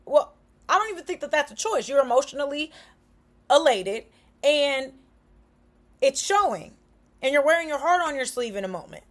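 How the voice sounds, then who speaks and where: A young woman talking frankly and casually to camera, animated and slangy, acting out what people say to each other. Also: high voice. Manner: frank, animated, slangy, acts out quoted remarks. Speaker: vlogger.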